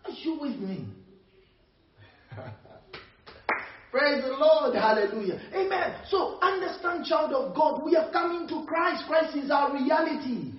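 A man preaches a sermon in a high, swooping voice, unhurried and often pausing to check that his listeners follow. He sounds set back from the microphone, and the room gives off a dull echo. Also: a little hiss or hum. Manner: animated, calls out to the congregation, laughs between points. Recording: dull, echoey, distant mic.

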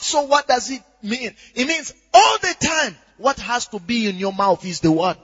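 A man preaching a sermon with lively swings from quiet asides to shouts, often asking if the crowd is with him. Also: very high voice, normal speed, few pauses, husky. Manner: animated, rising to shouts, asks "are you with me?". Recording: dull echoey hall recording.

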